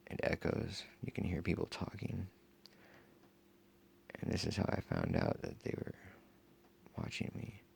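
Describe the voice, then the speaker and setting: A man telling a long personal story in a rambling, profane, casual way, full of fillers, with a gravelly, husky voice. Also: deep voice, darkish tone. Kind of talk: casual first-person account.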